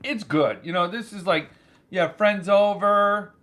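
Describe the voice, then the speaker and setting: A man hosting his own channel, telling a story in an animated, joking casual chat. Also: sits high, a little slow. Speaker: channel host.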